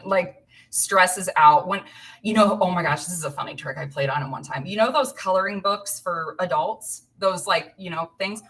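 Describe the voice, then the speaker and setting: A woman's voice: on the low side, moderate pace, fairly bright tone. A woman in her thirties, from Illinois, filling in as host of a casual live stream, chatting and rambling to viewers with frequent laughs. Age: 30s. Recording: voice a bit far from the mic.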